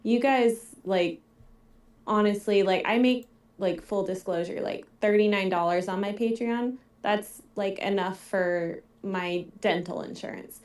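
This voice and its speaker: A woman's voice: mid-range voice, unhurried, a little mellow, roomy sound. A woman who writes scripts, chatting casually on a live Q&A and saying "like" a lot. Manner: chatty, heavy use of "like". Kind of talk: casual chat.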